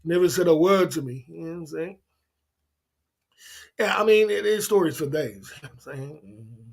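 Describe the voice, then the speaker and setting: A British man hosts a livestream, telling rambling, casual stories, chuckling often and repeatedly checking in with "you know what I'm saying." His voice is on the high side and gravelly, a little mellow and slightly rough, with lively intonation at a moderate pace.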